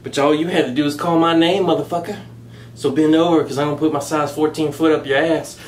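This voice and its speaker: A man putting on the voice of a tough-guy male action hero, delivering a low, menacing threat in a mock-serious impression. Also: steady tone, a little fast, echoey room, far from the mic, a little hiss or hum, lightly acted.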